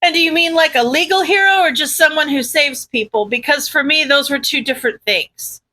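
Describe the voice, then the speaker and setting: A laid-back grown man of a hero, casual and a bit whiny, as a woman reading the story puts him on. Her voice stays bright and high. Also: brisk. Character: easygoing adult male pro hero.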